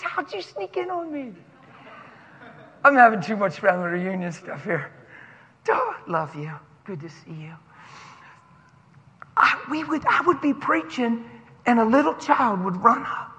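A pastor giving an animated, emotional sermon that he breaks off to greet friends, recorded in a church sanctuary with a long reverb. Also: sits high. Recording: long reverb of a large hall.

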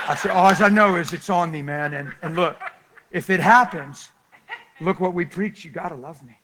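A man preaching, telling a lively story and acting out the people in it, often laughing as he goes. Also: fairly high pitch, normal speed, a crowd in the background, poor audio. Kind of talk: animated storytelling sermon.

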